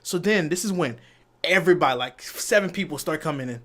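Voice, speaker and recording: A man with a fairly high voice talks a bit quickly as he co-hosts a podcast, casually recounting something that happened at work. He's animated, acting out what people said, and gets exasperated whenever someone cuts in.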